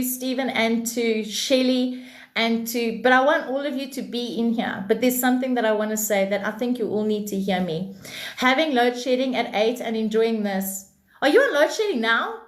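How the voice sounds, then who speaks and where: A woman, hosting a live stream with casual spiritual chat, animated and blunt and swearing freely. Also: fairly high pitch, normal speed. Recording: echoey room.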